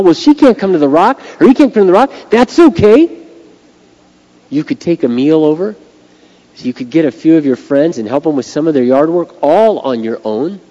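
A middle-aged pastor's medium-pitched, mellow voice delivers an earnest, conversational sermon inside a church sanctuary. The recording is lo-fi, with a long reverb from the hall.

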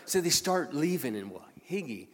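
Pastor guy telling a story in a sermon, gets loud then real quiet, long hall echo. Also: fairly high pitch, moderate pace. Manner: animated, swings from loud to hushed.

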